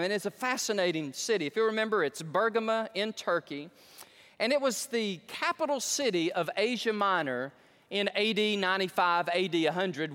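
Man pastor, high voice, folksy excitable sermon, long reverb of a big church. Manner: folksy, excitable preaching with repeated restarts. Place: large church sanctuary.

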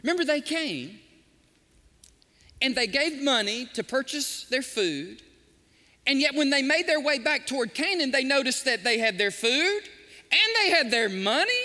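A pastor preaches with a high, bright and very lively voice. His words ring out with long reverb through a large hall. He swings between excited bursts and soft, drawn-out lines. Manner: animated preaching, sometimes softly sings hymn lines. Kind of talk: sermon.

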